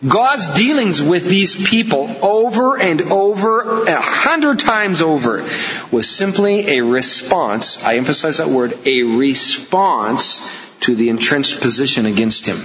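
A man preaching a sermon, emphatic and repetitive, with joking asides. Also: high-pitched. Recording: echoey hall, slightly dull sound.

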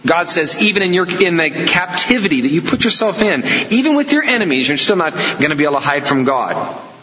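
A man's voice: high-pitched, big pitch swings, brisk, bright, forceful tone. A man preaching a sermon, emphatic and repetitive, with joking asides. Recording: echoey hall, slightly dull sound.

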